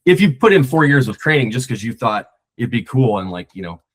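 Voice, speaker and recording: A man's voice: mid-range voice, big pitch swings, a little fast. A man talking as a podcast guest, a screenwriter, reflective and rambling with many restarts. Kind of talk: casual conversation.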